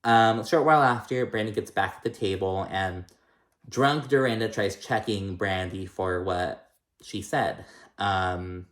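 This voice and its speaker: A man's voice: lowish voice, unhurried, roomy sound. A man casually recapping a reality TV episode, chatty and gossipy, with lots of "like" and "um" and free swearing.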